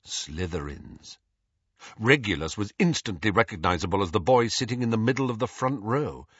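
A man narrating an audiobook with expressive, varied storytelling. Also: lowish voice, breathy edge, no echo. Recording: dull lo-fi dry audio.

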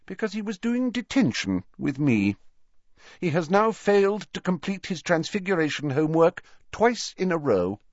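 A man voicing a strict older woman professor in a storybook reading, clipped and brisk, on a dull, dry recording. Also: sits high, big pitch swings, dry recording, voice pushed up. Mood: stern.

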